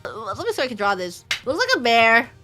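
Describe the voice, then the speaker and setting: A young woman streamer chatting casually, her voice high and bright. She tells funny stories with lots of giggling and acts out what her friends said. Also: big pitch swings, fast, faint music behind.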